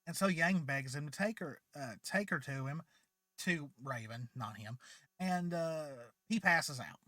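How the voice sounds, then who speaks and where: A man's voice: on the high side, expressive, measured pace, sharp tone, dry recording, studio quality. A man hosting his channel, casually retelling a fan story in a chatty, rambling way with many fillers, and sounding tired. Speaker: channel host.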